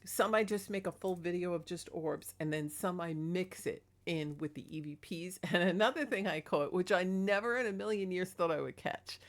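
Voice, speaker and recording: Rambly woman on her paranormal vlog, kinda low voice, laughs here and there. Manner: rambling, chatty, laughs between thoughts. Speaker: paranormal vlogger. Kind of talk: casual vlog monologue.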